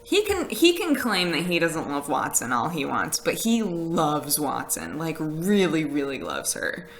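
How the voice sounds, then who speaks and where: A woman's voice: sits low, wildly swooping pitch, a little slow, slight background noise, rough recording. A woman chatting casually on a live stream, rambling with fillers and laughs as she reads messages from chat. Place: house with a conservatory.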